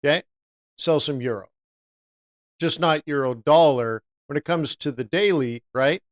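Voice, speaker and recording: A man's voice: fairly high pitch, unhurried, no room sound, clean studio sound. A man teaching forex trading on a live stream, talking casually and answering viewers by name.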